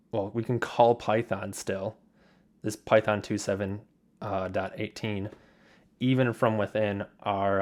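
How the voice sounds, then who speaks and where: A young man talks through his development setup at his desk in a loose, rambling way, circling back on his words and filling pauses with ums and uhs. His voice sits a little low, and the delivery is relaxed and unscripted, like a casual screen recording. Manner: rambling, filler-heavy, repeats himself.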